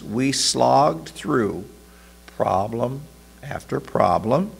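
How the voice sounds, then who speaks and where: A man voicing a cheerful older married man in a sermon story, hearty and animated, with a creaky, husky voice. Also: medium pitch, full character voice.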